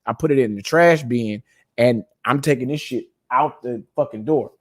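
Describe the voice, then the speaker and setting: A man's voice: mid-range voice, moderate pace, husky, dry recording. A man hosting a podcast, telling a rambling, profane family story in a casual, laughing way from his home studio. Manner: profane, loose, laughing storyteller who acts out quotes. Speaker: podcast host. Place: home studio with lights and microphones.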